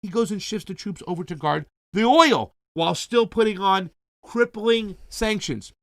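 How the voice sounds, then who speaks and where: A man's voice: sits high, animated, normal speed, fairly bright tone, no room sound, clean studio sound. A man hosting a casual political commentary show, talking informally and animatedly to his viewers.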